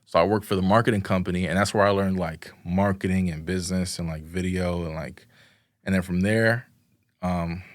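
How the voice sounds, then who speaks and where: A man's voice: low-pitched, fairly even intonation, normal speed, dry recording, studio quality. Laid-back young man telling stories. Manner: loose, slangy storytelling with many fillers and acted quotes. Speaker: podcast guest, videographer. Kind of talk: casual interview chat.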